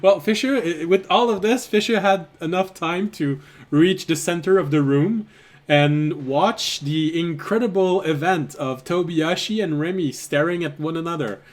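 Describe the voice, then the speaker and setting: A man's voice: fairly high pitch, unhurried. A man narrating as game master of a tabletop game, chuckling often between lines.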